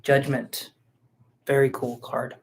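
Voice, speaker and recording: A man's voice: medium pitch, little pitch movement, takes it slowly, creaky, slight background noise. A man giving a live-streamed tarot reading, chatting casually and thinking aloud with fillers, sleepy and yawning. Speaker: tarot reader.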